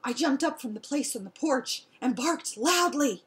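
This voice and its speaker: A woman reading a children's picture book aloud with expressive storytelling. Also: a little high, normal speed, few pauses. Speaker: storybook reader.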